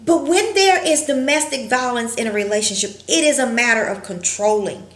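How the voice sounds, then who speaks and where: A woman counselor giving an earnest, reflective educational talk, pausing often with fillers. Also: on the high side, expressive. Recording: roomy echo.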